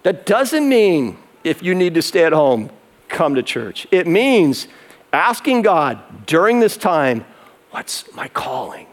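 A man's voice: on the high side, very animated, slow. A man pastor preaching an emphatic sermon that builds in intensity, in a converted barn used as a church.

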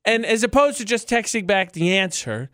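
A man's voice: sits high, sing-song, normal speed, a bit bright, dry recording. A man co-hosting a radio show in a studio, bantering in a playful, teasing, argumentative way. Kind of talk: casual morning radio banter.

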